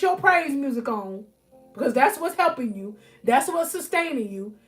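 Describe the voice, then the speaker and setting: A woman with a high voice preaches encouragement on a phone live stream from her bedroom. Her delivery is fervent, and she builds on repeated phrases while calling out to her viewers. Soft music plays faintly behind her. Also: lively intonation, normal speed. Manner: fervent, repeats phrases, keeps addressing listeners as y'all. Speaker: life coach. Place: at home, near her bed.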